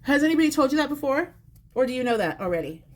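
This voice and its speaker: A woman's voice: high-pitched, big pitch swings, fast. A woman giving a psychic reading on a live stream, talking to the viewer directly in a chatty, repetitive way. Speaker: psychic reader. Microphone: phone or close mic on a live stream.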